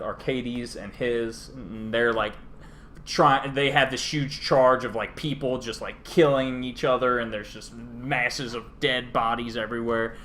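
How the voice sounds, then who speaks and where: A man's voice: medium pitch, fairly bright tone, slight background noise. A male podcast host with a mid-range voice, telling a fantasy storyline in a loose, irreverent ramble. He leans on fillers and restarts as he goes. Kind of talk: casual lore retelling.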